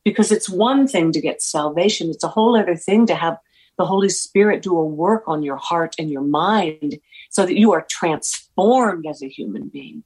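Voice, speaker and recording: A woman's voice: on the low side, moderate pace, husky, rough recording. Earnest woman guest telling stories. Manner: earnest, animated storyteller acting out quoted dialogue. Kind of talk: faith-focused interview storytelling.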